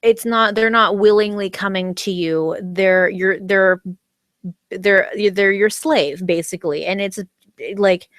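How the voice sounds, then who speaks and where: A woman's voice: medium pitch, fairly even intonation, unhurried, a bit bright, dry recording. Chatty, rambling American vlogger woman. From United States. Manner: rambling, with many fillers and restarts, giggly enthusiasm. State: talking around a candy in her mouth. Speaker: vlogger recapping a TV episode. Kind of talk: casual livestream chat.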